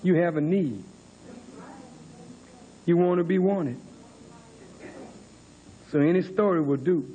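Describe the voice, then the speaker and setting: High-voiced man preaching slowly. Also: mellow, muffled recording. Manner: dramatic preaching, mock-crooning quoted lovers. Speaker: minister. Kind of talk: sermon. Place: church hall.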